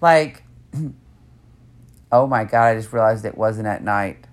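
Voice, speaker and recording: Low-voiced woman telling a frank story. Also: takes it slowly. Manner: animated, quotes others in lively voices; frank and profane, laughs often. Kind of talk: casual storytelling chat.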